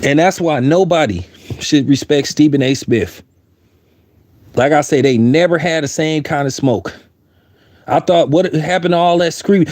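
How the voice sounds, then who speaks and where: A man delivers heated, blunt commentary in a slightly high voice, circling back to hammer his points. The sound is dry and close, with no room around it. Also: animated, moderate pace, a little mellow, no room sound. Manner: heated, blunt, repeats himself for emphasis. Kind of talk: opinionated commentary.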